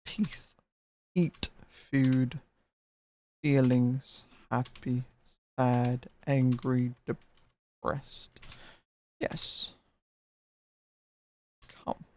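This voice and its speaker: A streamer playing a game live, calling out slow one-word guesses with long pauses between them. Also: medium pitch, little pitch movement, a little mellow, a little hiss or hum. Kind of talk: live-stream gameplay, calling out single words.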